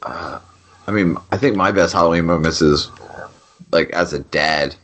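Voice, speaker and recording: Deep-voiced laid-back man. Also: normal speed, a bit bright, slight background noise. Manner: laid-back, playfully profane. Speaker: podcast co-host. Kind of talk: casual chat, anecdotes.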